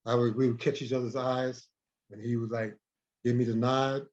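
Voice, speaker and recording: Guy telling a story in an interview, animated, repeats himself, mid voice, muffled lo-fi audio. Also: mid-range voice, normal speed. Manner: animated storyteller who repeats and restarts words. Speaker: guest. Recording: dull lo-fi recording.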